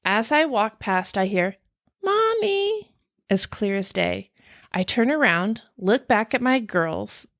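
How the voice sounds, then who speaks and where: A woman's voice: mid-range voice, expressive, a little slow, gravelly, a bit bright, no room sound. A woman co-hosting a paranormal podcast, telling creepy stories with real drama in her voice. She gasps, laughs and leans into every eerie moment. The sound is close and dry. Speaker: podcast co-host. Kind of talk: casual chat, reading listener stories. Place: home recording, remote from co-host.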